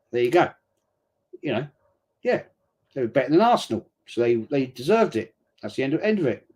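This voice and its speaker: Chatty middle-aged bloke. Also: male voice, mid-range voice, a little mellow. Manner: chatty rambling storyteller, blokey slang. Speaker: watch-along streamer. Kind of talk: casual live chat during a football match.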